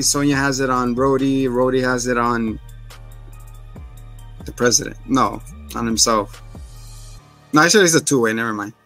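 With a bright, forceful mid-range voice, the man jokes and swears through a casual podcast recap. He acts out the episode's scenes in silly voices as co-host.

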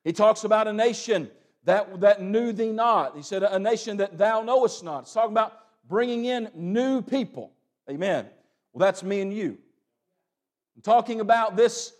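High-voiced young preacher man. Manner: preaching with sudden loud cries and asides. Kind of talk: sermon.

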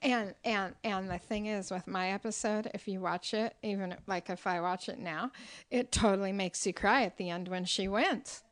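A woman's voice: mid-range voice, normal speed, rough recording. A middle-aged woman, a restaurant owner and cookbook author, telling stories in a casual interview chat, with lots of fillers and frequent laughter. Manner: chatty storyteller, laughs often, many fillers.

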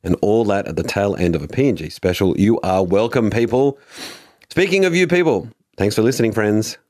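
A man's voice: fairly low pitch, expressive, a little fast, a little mellow, no echo, clean studio sound. A man hosting a podcast, reading a casual news roundup with playful asides. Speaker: podcast host.

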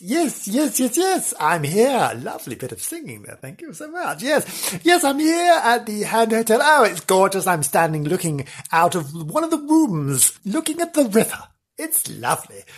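A flustered, fussy middle-aged woman, as a man puts her on, squeals over her lovely room and then frets about the noises around her. Her voice jumps up high and lurches all over the place, with a husky edge. She is a comedy podcast character. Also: heavily acted. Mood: gushing. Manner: fussy, excitable, exclaiming in trills.

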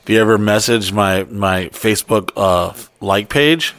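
A man's voice: lowish voice, a little slow, no room sound. A man hosting a podcast, telling a profane story in casual chat and acting out the lines of the people in it. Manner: profane, animated storyteller who acts out quotes. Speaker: podcast host.

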